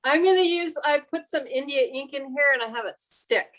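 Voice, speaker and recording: A woman painter talking candidly while she demonstrates her work, quick to laugh at herself. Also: high-pitched, a bit bright. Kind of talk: casual chat while painting.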